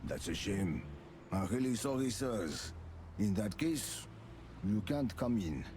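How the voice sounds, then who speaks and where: An actor playing a towering, formally courteous bull bouncer in a game. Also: male voice, lowish voice, very animated, slow, noisy background. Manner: formal, courteous, calls everyone gentlemen or sir. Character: towering polite bull bouncer at a club door. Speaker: game character.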